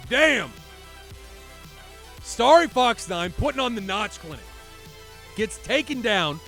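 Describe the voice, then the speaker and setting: An esports commentator delivers live play-by-play with a high-pitched, creaky male voice at a slow pace over soft background music. He's excitable, swears freely, and shouts when big moments hit.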